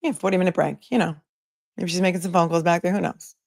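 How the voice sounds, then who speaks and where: A woman hosts a live commentary stream in a relaxed, joking way, reading out messages from her chat as she goes. Her voice sits on the low side, and the recording is dry and close with no room sound. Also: fast talker, dry recording. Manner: chatty, jokey, reads chat messages aloud.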